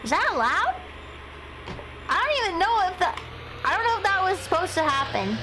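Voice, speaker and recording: High-pitched excitable woman streamer. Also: fairly quick, background noise. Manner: excitable, profane, shrieks at scares. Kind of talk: live gameplay commentary.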